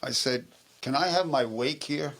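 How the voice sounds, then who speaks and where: Guy guesting on a local tv chat show, tells stories, then gets loud and insistent arguing. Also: medium pitch, moderate pace. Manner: storytelling, gets heated and insistent when arguing. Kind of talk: casual talk-show chat. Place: local TV studio.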